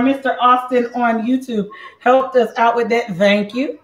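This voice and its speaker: Woman, cooking show host, chatty and playful, slightly high voice, echoey lo-fi recording. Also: measured pace. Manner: playful, chatty, talks straight to viewers. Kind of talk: casual live cooking chat. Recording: echoey room, dull lo-fi sound.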